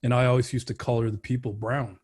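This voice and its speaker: Mellow-voiced male podcast host. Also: medium pitch, little pitch movement, fast, slightly rough. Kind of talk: podcast interview.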